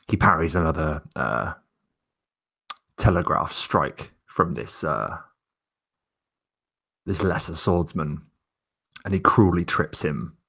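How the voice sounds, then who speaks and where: A man playing a tabletop game, describing his character's actions in a measured, deliberate third-person narration. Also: a bass voice, vocal fry, fairly bright tone, husky. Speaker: player.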